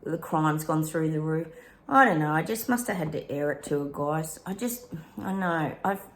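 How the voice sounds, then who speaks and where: A woman's voice: low-pitched, moderate pace. A middle-aged woman with an Australian accent, a psychic vlogger venting in a casual rant straight to her viewers. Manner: frustrated, venting, talks straight to her audience.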